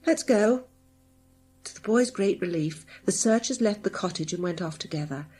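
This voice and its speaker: A woman's voice: on the low side, fairly quick, darkish tone, husky. Woman reading a children's audiobook. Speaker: audiobook narrator. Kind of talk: scripted audiobook narration.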